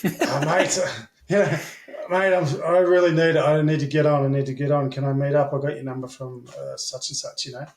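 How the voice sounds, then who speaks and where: A man telling a story puts on a pleading drug-user voice, a little higher than his own. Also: flat delivery, a little fast, echoey room, slight background noise, natural voice. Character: strung-out male junkie begging to buy.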